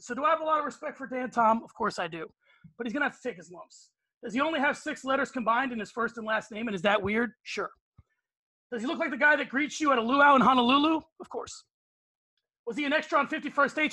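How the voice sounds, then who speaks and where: A brash, mock-combative man with a strikingly high, sharp voice fires off punchy rhetorical questions. The sound is dry and close, with no room around it. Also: lively intonation, quick pace, dry recording. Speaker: panelist. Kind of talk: roasting podcast panel rant.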